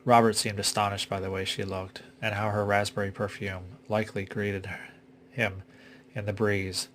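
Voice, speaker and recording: Man, audiobook narrator, low voice, flat and steady. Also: moderate pace, a little hiss or hum. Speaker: reader.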